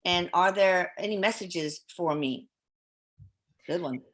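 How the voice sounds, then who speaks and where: A woman hosting a live podcast who reads viewer questions aloud in a relaxed, chatty way and stumbles over names. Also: on the low side, takes it slowly. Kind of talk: casual live-stream chat.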